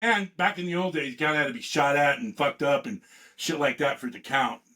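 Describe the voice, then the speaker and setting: Man in his fifties, fairly high voice, a veteran guest who swears freely and tells stories in loose, animated bursts. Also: fairly quick. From California. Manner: profane, rambling and animated, with restarts. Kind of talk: casual storytelling.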